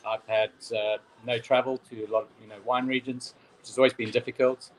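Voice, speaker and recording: A man's voice: mid-range voice, little pitch movement, fairly quick, poor audio. A man joining remotely as a wine merchant guest, enthusiastic and rambling, with many fillers. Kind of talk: interview answers. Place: London.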